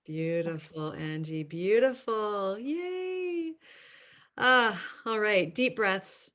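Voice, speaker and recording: A woman's voice: mid-range voice, takes it slowly, fairly bright tone, clear, resonant tone. A woman hosting a coaching video call, affirming and encouraging the participants. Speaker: host.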